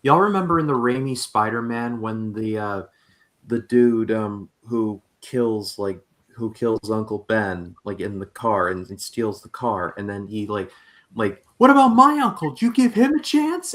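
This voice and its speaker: Man, podcast co-host, lowish voice, halting, lots of fillers. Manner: halting, filler-heavy storytelling. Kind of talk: casual chat.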